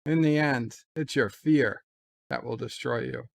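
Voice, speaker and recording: A man's voice: mid-range voice, measured pace, vocal fry. A man voicing a smug male shapeshifter who poses as a human and taunts his foe. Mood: taunting.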